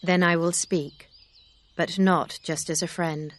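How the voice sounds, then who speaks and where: A woman voicing a grave, kind gentleman suitor in an audiobook reading, speaking in a steady, sincere way. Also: lowish voice, slow. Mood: tender.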